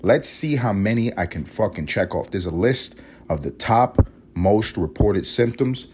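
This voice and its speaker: A man's voice: on the low side, lively intonation, a little slow, darkish tone, slight background noise. A young man hosting a solo podcast while sick with a cold, sniffly and congested, ranting in a sarcastic, profane, casual way. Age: young adult. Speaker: podcast host.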